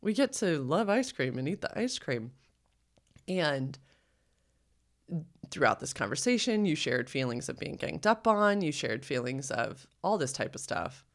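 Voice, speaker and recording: Low gravelly-voiced woman podcast host. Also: big pitch swings, measured pace. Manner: earnest, reflective, acts out quoted thoughts. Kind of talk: casual heartfelt conversation.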